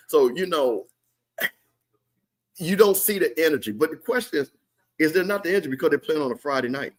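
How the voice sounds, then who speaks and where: On the high side and fairly quick, the man's voice has lively intonation. He runs a live game watch party, tossing out casual, slangy commentary and responding to what viewers post.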